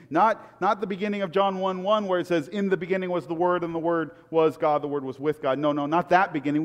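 A man preaching in a slightly high voice, with a long reverb trailing behind every phrase. His delivery is conversational and dynamic. He rises to loud emphatic peaks, then drops to hushed asides. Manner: conversational and humorous, with repeated words. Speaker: pastor. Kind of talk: sermon.

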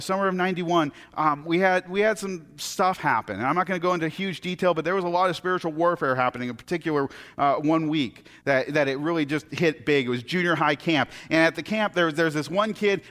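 Middle-aged guy preaching a story, kinda high voice, earnest, stumbles and restarts a lot. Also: a bit bright. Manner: earnest, halting with repeated restarts. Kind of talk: sermon storytelling.

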